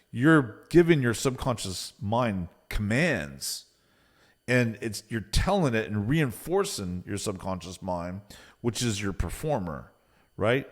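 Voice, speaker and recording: Male business coach, casual motivational presenter, conversational delivery. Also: medium pitch. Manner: casual and conversational, often tossing in "right?" and "you know".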